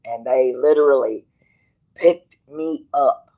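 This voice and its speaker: A man's voice: mid-range voice, slow pace, warm tone, poor audio. A man hosting his channel, telling a personal story to viewers in a rambling, casual way, quoting others and swearing freely. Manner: rambling, restarts, quotes others in dialogue, swears. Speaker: channel host.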